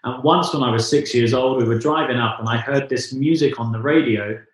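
An English musical theatre singer chats casually as an interview guest, rambling and correcting himself as he goes. His voice is medium-pitched and brisk, and the very echoey recording places him far from the mic.

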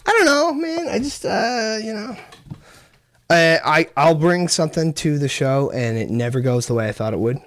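A man's voice: on the high side, expressive, moderate pace, a bit bright. Rambling joking man from Canada. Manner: joking, rambling, breaks into mock French. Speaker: podcast co-host. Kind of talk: crude casual banter.

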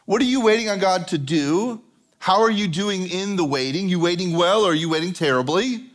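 A man's voice: high-pitched, lively intonation, brisk. A man preaching a sermon as a pastor, conversational and repeating phrases for emphasis.

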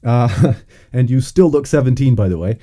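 A man's voice: medium pitch, animated, moderate pace, mellow. A man hosting an interview, talking casually and encouragingly, with frequent hums and ums. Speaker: interviewer host.

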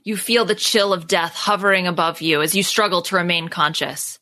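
A woman host reading an adventure gamebook aloud to her friends in steady narration. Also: fairly low pitch, normal speed, no echo.

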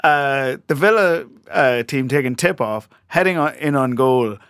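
A man's voice: medium pitch, animated, a little slow, a bit bright, smooth, no room sound. A man from Ireland chats and tells a long story, stopping often on filler sounds and breaking into laughs. The sound is dry and close, with nothing around him. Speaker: podcast host. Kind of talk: casual chat.

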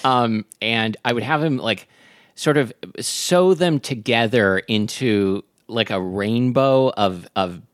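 A man's voice: medium pitch, takes it slowly, no echo, studio quality. A man co-hosting a casual show, riffing playfully and making things up as he goes. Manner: joking, rambling, full of fillers and restarts. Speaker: podcast co-host. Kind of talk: casual chat.

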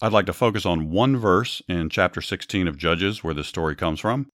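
A man hosting a podcast, narrating a Bible story and giving commentary in a measured, earnest reading. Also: sits low, fairly bright tone, no room sound, studio quality.

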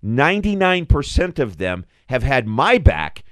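A man's voice: medium pitch, very animated, a little slow, a bit bright, no room sound, clean studio sound. A middle-aged man co-hosting a casual discussion podcast, speaking in an earnest, persuasive way. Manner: earnest, persuasive, building arguments. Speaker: podcast co-host.

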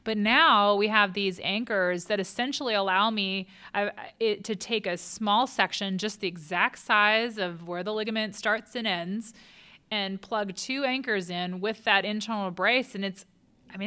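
Woman, 30s, hand surgeon, explanatory, crisp smooth voice, bright tone. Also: medium pitch. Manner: knowledgeable, relatable, thinks aloud with fillers. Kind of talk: clinical explanation in an interview.

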